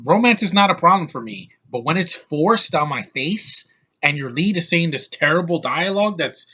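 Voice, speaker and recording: A man's voice: a little high, expressive, normal speed, sharp tone, slightly rough. A man giving a casual, ranting film review, blunt and heated, often repeating and restarting his words. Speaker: movie reviewer.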